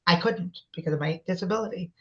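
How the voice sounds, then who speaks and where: A man's voice: sits high, fast, creaky. Passionate young man, dull lo-fi audio. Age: 20s. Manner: passionate, insistent, repeats phrases. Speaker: interview guest. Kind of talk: emotional conversational interview.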